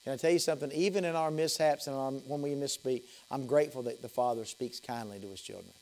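A man, a pastor preaching an evening sermon in a church. His preaching swings between high, loud passages and soft, low ones, and he often repeats and restarts phrases. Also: fast talker, poor audio. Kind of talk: evening sermon with altar call. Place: church sanctuary.

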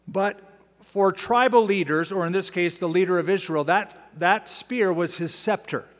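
Animated male pastor in a reverberant church. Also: high voice, moderate pace. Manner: animated storytelling, asides and dramatic readings. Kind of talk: expository sermon teaching. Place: large church sanctuary. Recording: long church-hall reverb.

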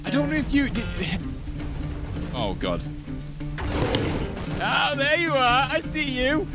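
A man giving excited gameplay commentary with friends, playful and taunting, often laughing. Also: extremely high pitch, slow, loud music behind the voice. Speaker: gamer streaming with friends.

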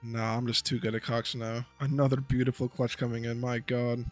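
A young man doing a casual voice-over commentary on his game progress, excitable and swearing when hyped. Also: mid-range voice, moderate pace, soft background music. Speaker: gaming video creator.

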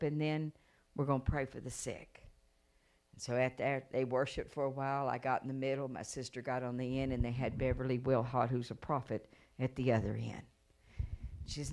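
A woman evangelist telling a healing story in a sermon, acting out the people she quotes and rising to loud praise. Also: very deep voice, little pitch movement, normal speed. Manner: storytelling with acted quotes, building to shouted praise. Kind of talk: sermon testimony.

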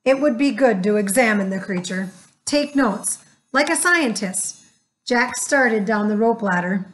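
Woman reading a kids chapter book, slow and sing-songy, voice a bit high. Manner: expressive, with voices for the characters. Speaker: audiobook narrator. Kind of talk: children's storybook narration.

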